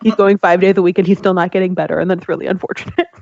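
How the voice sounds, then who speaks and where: A lower-voiced woman speaks in a wry, understated tone during casual podcast chat. Her audio is dry and dull, as if recorded close with a lo-fi mic. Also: fairly even intonation, racing, creaky, darkish tone, dry recording. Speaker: podcast co-host.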